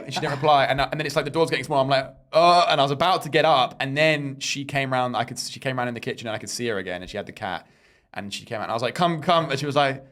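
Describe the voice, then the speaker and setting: Brief: young male podcast co-host, quick and chatty, recounting a story with quoted dialogue. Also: medium pitch. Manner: rambling, animated retelling with quoted dialogue. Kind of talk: casual storytelling chat.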